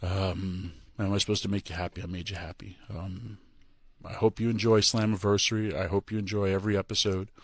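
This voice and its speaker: A tearful man giving an emotional farewell speech as a departing pro wrestler, halting and full of pauses. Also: sits low, flat delivery, dry recording.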